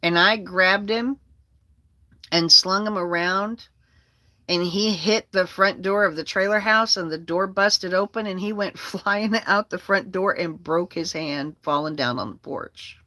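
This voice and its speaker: Woman storyteller, bright and sharp in tone, candid and profane, casual delivery. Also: on the low side, measured pace, no echo.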